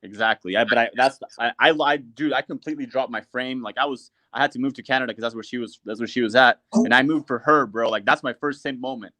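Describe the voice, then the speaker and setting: A young man talks fast and bluntly in a casual online call, packing his speech with profanity and filler words. His voice sits at a middle pitch. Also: sharp tone. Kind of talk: casual online group chat.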